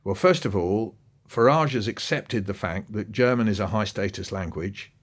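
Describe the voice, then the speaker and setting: Telling stories with lively energy, a male podcast guest lets his pitch swing high and low during the interview. His speed is normal.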